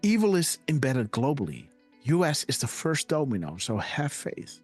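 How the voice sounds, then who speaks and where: A man hosting a live online show in a casual, excitable way, often laughing and checking in with his listeners. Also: medium pitch, moderate pace, breathy edge, faint music behind. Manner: excitable, repeats "guys" and "right?", laughs often. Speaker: livestream host.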